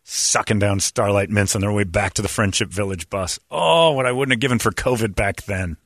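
A middle-aged man hosting a radio show, telling stories in a rambling, animated way. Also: on the low side, a little fast, dry recording, studio quality. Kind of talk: morning radio banter.

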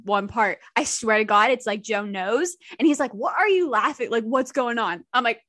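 A young woman guest chats casually on a podcast, her voice bright and a little high. She laughs often between sentences. The recording is dry and close. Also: lively intonation, normal speed, no room sound. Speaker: guest cosplayer. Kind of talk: casual chat.

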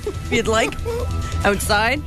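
A woman's voice: fairly high pitch, slow pace, over music. A woman co-hosting a morning radio show, giggling through jokes and the weather. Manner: giggly, playful. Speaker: radio host.

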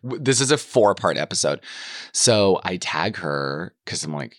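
A young man co-hosting a comedy podcast, chatting casually and gossiping playfully, full of "like" and jumps into a high voice when quoting. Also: animated, a little slow, a bit bright, dry recording, studio quality. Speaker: podcast co-host.

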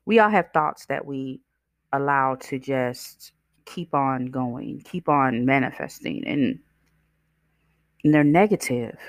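A woman hosts a motivational self-help podcast, talking conversationally, asking the listener questions, and acting out voices in her stories. Her voice is extremely low and slow. The recording is dry, clean studio sound.

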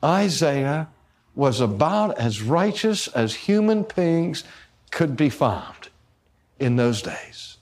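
A man delivering a theological lecture-sermon, speaking deliberately, pressing key words and putting rhetorical questions to his listeners. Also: fairly high pitch, very animated, darkish tone. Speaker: preacher and teacher.

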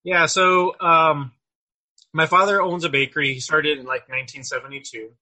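A man talking casually as a podcast guest, relaxed and rambling with many fillers. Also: fairly high pitch, normal speed, poor audio. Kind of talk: casual interview chat.

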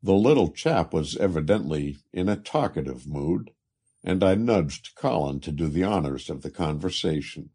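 A man narrating a literary travel story in a measured way. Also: low-pitched, expressive, warm tone, slightly rough.

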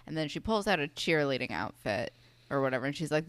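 A woman's voice: deep voice, animated, quick pace, clean tone, dry recording. A young woman co-hosting a casual chat, talking loosely with lots of "like" and quoting characters. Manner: chatty, many "like"s and fillers, quotes characters. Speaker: podcast co-host.

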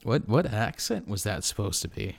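A man's voice: on the low side, big pitch swings, normal speed, vocal fry, noisy background. A man co-hosting a comedy podcast, bantering in a dry, joking way. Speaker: podcast co-host.

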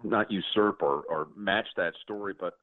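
A man in his sixties hosts a relaxed interview in a very low voice, gushing and often repeating words as he stumbles ahead. The sound is tinny and narrow, like a phone line, and completely dry with no room around it. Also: normal speed, no room sound. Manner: effusive, stammers and repeats words. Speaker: host. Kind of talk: conversational interview.

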